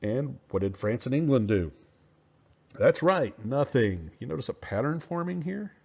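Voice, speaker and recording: A man teaching history in a relaxed, conversational lecture, with fillers and rhetorical questions. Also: medium pitch, moderate pace, gravelly. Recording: dull lo-fi recording.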